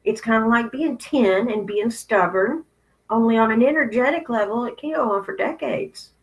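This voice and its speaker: A woman in her fifties who hosts a spiritual channel gives a candid talk, blunt and conversational, with some profanity. Her voice is on the high side at a normal pace, on a low-quality recording.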